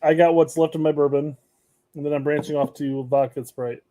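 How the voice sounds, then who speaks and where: A man's voice: on the high side, steady tone, fairly quick, dark tone. A man co-hosting a casual podcast, dropping dry, short wisecracks. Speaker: podcast co-host. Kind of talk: casual chat.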